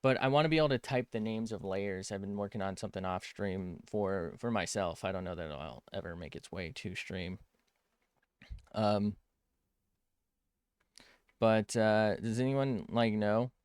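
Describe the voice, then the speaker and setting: A man with a lowish voice talks loosely on a drawing stream, drifting between thoughts and breaking off mid-sentence. He swears casually as he works on a tablet. The sound is dry and close, with almost no room around it. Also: unhurried, pauses often, clean tone, no echo. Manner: rambling, self-interrupting, swears freely. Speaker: art streamer. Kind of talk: casual rambling stream chat.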